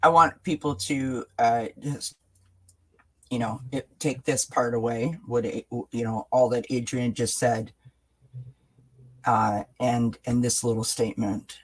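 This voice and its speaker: A woman co-hosting a casual live-stream chat, relaxed and agreeable, reading viewer comments aloud. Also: extremely low pitch, slow pace, breathy edge, low-quality recording. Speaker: co-host.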